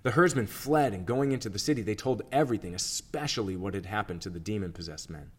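A man reading scripture aloud for a church reading plan, in a steady, measured narration. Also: lowish voice, slightly rough. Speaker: scripture reader.

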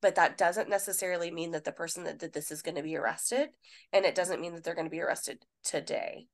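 A woman's voice: fairly low pitch, fast. A woman. She co-hosts a podcast as a nurse and talks casually, acting out conversations and swearing now and then. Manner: animated storyteller, quotes people, swears casually.

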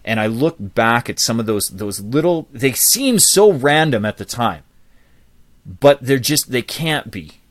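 A man around forty, a public speaking coach, telling his life story as a guest in an interview with lively asides. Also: medium pitch, measured pace, no room sound, clean studio sound. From Canada.

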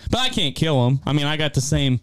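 A middle-aged man with a twang spins hunting tales in a relaxed, folksy way. His voice comes through smooth and clean, recorded close and dry with no room sound. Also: on the high side, fast talker, no room sound. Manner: folksy, animated storyteller with rural grammar. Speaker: co-host of an outdoors hunting show. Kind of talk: casual storytelling chat.

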